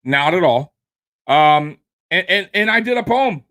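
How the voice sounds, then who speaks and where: A man's voice: high voice, lively intonation, unhurried, fairly bright tone. A man hosting a fan sports show, ranting heatedly and with profanity, full of fillers and restarts.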